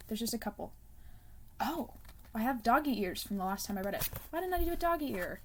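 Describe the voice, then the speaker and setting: Young woman, fairly high voice, casual book-vlog chatter, giggly and rambling with fillers, self-conscious whispered asides. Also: expressive, moderate pace, pauses often, husky. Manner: chatty, giggly, rambling with many ums and likes. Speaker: book vlogger. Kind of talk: casual chat.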